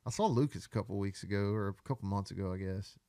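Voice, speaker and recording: Gravelly man telling stories. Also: on the low side, quick pace, dark tone, no room sound, studio quality. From Arkansas. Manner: loose, profane, rambling storyteller. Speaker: guest songwriter. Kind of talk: casual podcast storytelling.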